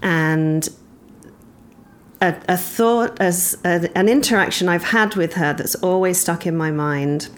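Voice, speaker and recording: A woman from England, a podcast guest, telling a personal story thoughtfully with many pauses and ums. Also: on the low side.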